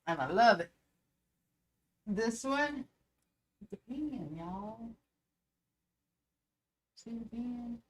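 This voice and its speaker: A woman's voice: fairly high pitch, lively intonation, drawn-out words, long pauses. A woman co-hosting a casual livestream chat, swearing freely and laughing often. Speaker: podcast co-host.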